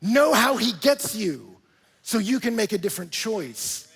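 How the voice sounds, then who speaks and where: Animated male pastor in an echoing church. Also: high-pitched, measured pace, creaky, husky. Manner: animated, conversational preaching with playful asides. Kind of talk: sermon. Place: large church auditorium.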